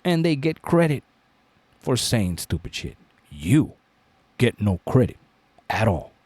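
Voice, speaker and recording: A man's voice: mid-range voice, very animated, takes it slowly, darkish tone, breathy edge, dry recording. A man hosting a commentary channel, telling a fable in a profane way, often asking "right?" and chuckling. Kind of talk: storytelling commentary.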